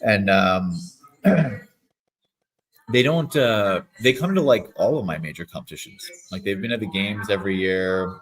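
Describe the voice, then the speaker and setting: This is a man in his thirties, an athlete appearing as a guest, who speaks unhurriedly in a lowish voice. His interview answers wander, relaxed and stuffed with "like." The audio is poor.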